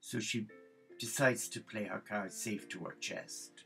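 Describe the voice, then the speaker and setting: Gravelly male storyteller. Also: on the low side, measured pace, soft background music, poor audio. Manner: lively narration, slipping into acted voices. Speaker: religious storyteller. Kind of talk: comic storytelling.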